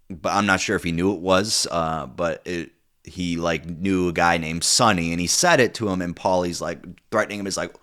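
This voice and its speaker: A young man with a very deep, low-pitched voice talks through his opinions on a TV series. He rambles casually, swears a lot, and keeps restarting his sentences with ums and uhs. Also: fairly bright tone, smooth. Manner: rambling, profane, many fillers and restarts. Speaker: TV show reviewer. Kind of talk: casual unscripted commentary.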